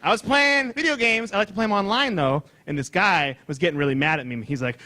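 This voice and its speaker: A man doing a loud, excitable, self-mocking stand-up comedy set on stage before a live audience. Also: sits high, a little fast, few pauses.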